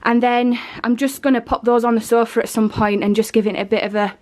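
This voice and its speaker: A woman's voice: on the high side, level tone, brisk, darkish tone. A young pregnant woman, chatting casually in a home vlog, rambling and out of breath. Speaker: vlogger. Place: home living room and nursery, indoors.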